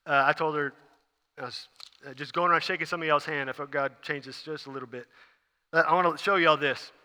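A man preaches, his voice pitched high and pushed hard with a sharp, forceful edge. He tells the story in an animated way and acts out each scene. The sound rings with the long reverb of a large church hall. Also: a little fast, clear, resonant tone. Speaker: pastor. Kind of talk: sermon.

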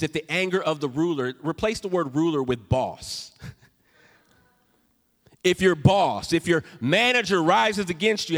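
Preaching man in a reverberant church. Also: medium pitch. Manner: swings from loud preaching to soft, hushed storytelling. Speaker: pastor. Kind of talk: sermon. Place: church sanctuary.

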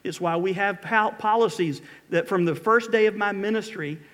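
A man's voice: high-pitched, moderate pace, fairly bright tone. A middle-aged man preaching a sermon as pastor, reading scripture with dramatic emphatic pleas.

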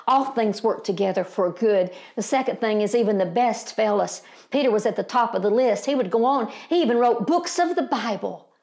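Gravelly-voiced older woman preaching. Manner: impassioned, rising to emphatic peaks then dropping low; homespun and folksy, addresses listeners as beloved and family. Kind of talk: sermon.

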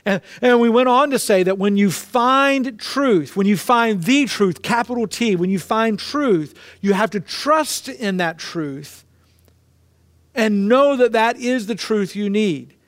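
High-pitched guy preaching, punchy and repetitive, dry close mic. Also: expressive, takes it slowly, no echo. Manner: emphatic, repeats key phrases. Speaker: pastor. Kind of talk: sermon.

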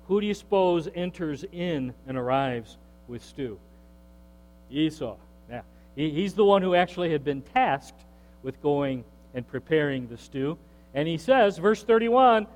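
A man's voice: fairly high pitch, animated, measured pace, darkish tone. A male pastor preaching a sermon, retelling scripture dramatically and acting out the characters in casual everyday voices. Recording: long hall reverb with mains hum.

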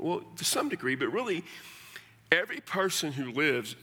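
A middle-aged man preaches a sermon in a conversational, folksy way, tossing in blunt asides. His voice is a bit high and bright, with a forceful edge. The sound carries the long reverb of a large church hall. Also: sing-song, normal speed. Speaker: pastor.

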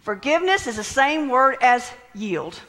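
A woman with a bright, fairly high voice preaches a sermon and acts out the prayers she quotes, often sinking to a near whisper. Her voice rings with the long reverb of a large hall. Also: big pitch swings, a little slow.

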